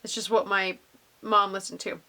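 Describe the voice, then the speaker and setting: A woman's voice: mid-range voice, level tone, normal speed, gravelly, pushed and bright. A young woman casually answering viewer questions in a vlog, bubbly and gushing with lots of ums.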